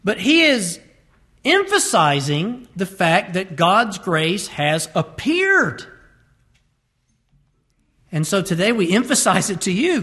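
High-ish male preacher, emphatic sermon, drags out key words then speeds up. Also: sing-song, takes it slowly, a bit bright. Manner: emphatic, varies pace to stress words.

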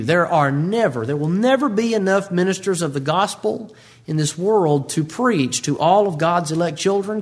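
Preacher guy, kinda high voice, does the bible characters' lines in big dramatic swings. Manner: animated, acts out Bible voices with big pitch jumps. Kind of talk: sermon.

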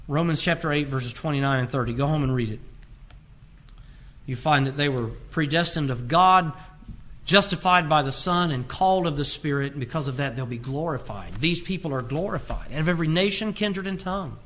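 Male pastor, higher-pitched and bright, emphatic sermon delivery that swells and drops. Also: brisk. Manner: emphatic preaching, reads scripture aloud in King James wording; rises in force on key phrases, drops low and quiet on others.

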